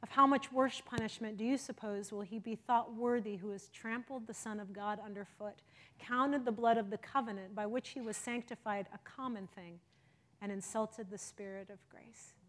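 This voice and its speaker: A middle-aged woman preaching a sermon with passion, moving from loud exhortation to hushed intensity. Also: medium pitch, fairly even intonation, moderate pace. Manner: impassioned, swings from loud exhortation to soft intensity.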